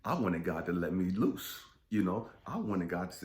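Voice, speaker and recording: A man's voice: low-pitched, expressive, normal speed, few pauses, a little mellow. A man hosting a spiritual channel, talking in an impassioned, confessional way that sometimes drops to a whisper, with frequent swearing. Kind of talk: emotional spiritual monologue. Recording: echoey room.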